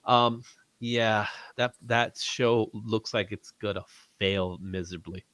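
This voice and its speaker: A man hosting a casual livestream chat about comics, animated and often laughing. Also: lowish voice, slow, a crowd in the background. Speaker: host.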